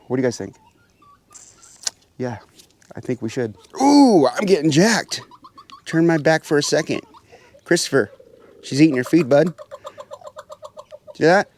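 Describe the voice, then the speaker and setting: Bird-keeper vlogger, man, chatty, mid-pitched voice, slips into a higher coaxing tone when he addresses his birds. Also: darkish tone. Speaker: pheasant farmer and channel host. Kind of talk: casual vlog narration while doing chores. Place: outdoor aviary pens.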